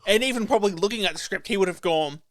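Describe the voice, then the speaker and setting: A man's voice: high voice, quick pace, fairly bright tone, no room sound, studio quality. A young man co-hosting a podcast in casual chat, rambling, swearing often and laughing a lot. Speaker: podcast co-host.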